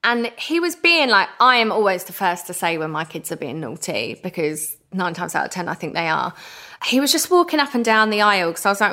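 A woman in her thirties from England, candidly telling a personal story as a podcast guest, animated and acting out what people said. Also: medium pitch, brisk. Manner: animated, laughs often, acts out quoted speech.

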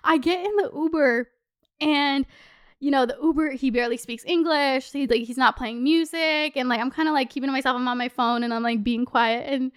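A young woman with a bright, high voice tells a storytime on her vlog. She talks in an animated way and swears freely, her delivery wavering between laughing and almost crying. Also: brisk, smooth. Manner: animated, profane, swings between laughing and near-tears. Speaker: vlogger.

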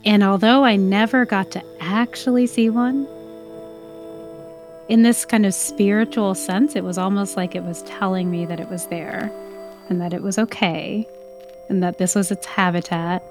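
A woman reflects on a personal story in a conversational manner, sprinkling in lots of fillers such as "like" and "you know." Her medium-pitched voice is fairly even in intonation at a normal speed, with music playing in the background.

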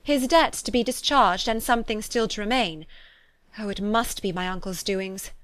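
An eager, sharp-witted young woman, voiced by a female audiobook reader speaks in quick, exclamatory bursts. Her mid-range voice sits close in a dry, dead-quiet space. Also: medium pitch, clear, resonant tone, no room sound, close to an everyday voice. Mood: anxious, urgent. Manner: urgent, exclamatory. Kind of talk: audiobook reading of a classic novel.

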